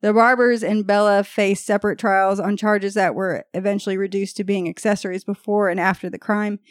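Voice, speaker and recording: A woman's voice: medium pitch, flat delivery, brisk, no room sound, clean studio sound. A woman hosting a podcast, reading out an old murder case and breaking off now and then to joke with her co-hosts. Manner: reads case details, breaks off to joke and laugh. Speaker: podcast host telling a true crime story. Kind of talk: casual true crime storytelling with banter.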